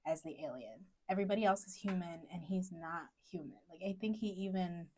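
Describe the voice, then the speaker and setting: A woman's voice: on the low side, brisk, warm tone. Woman student musing with lots of fillers. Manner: hesitant, many fillers like "like" and "um". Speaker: student podcast co-host. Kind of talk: casual academic discussion.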